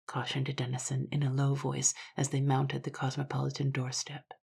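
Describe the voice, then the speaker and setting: A woman narrating a classic story in a measured voice that sometimes drops to a hush. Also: rumbling low, flat delivery, gravelly, husky.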